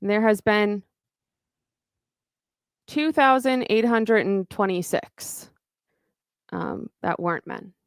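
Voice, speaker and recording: A woman's voice: medium pitch, slow, long pauses, clean tone, no room sound, clean studio sound. A woman co-hosting a podcast, talking casually and plainly in an earnest, direct way. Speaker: podcast co-host.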